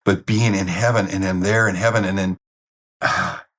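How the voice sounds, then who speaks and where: A man with a husky, fairly low voice tells his story as an interview guest. He talks bluntly and plainly, and he is openly emotional. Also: steady tone, moderate pace, a bit bright. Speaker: guest sharing a near-death experience. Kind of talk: candid personal storytelling.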